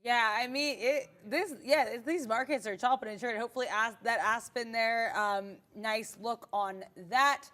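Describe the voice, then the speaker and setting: A woman's voice: on the high side, moderate pace, hardly any pauses, fairly bright tone. A woman co-hosting a live trading stream, talking candidly and chattily with playful bursts. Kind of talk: live market commentary.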